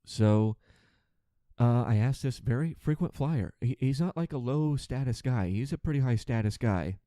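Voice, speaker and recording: A man hosting a podcast, ranting sarcastically and with profanity about his passengers as a flight attendant, acting out their lines in quick put-on voices. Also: mid-range voice, dark tone, no echo, clean studio sound. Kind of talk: ranting monologue.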